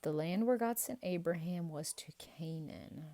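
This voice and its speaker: A woman leading a playful Bible quiz for children, drawing out each answer and cheering the kids on. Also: on the low side. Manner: playful, animated and encouraging, drawn-out answer reveals. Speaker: children's ministry teacher.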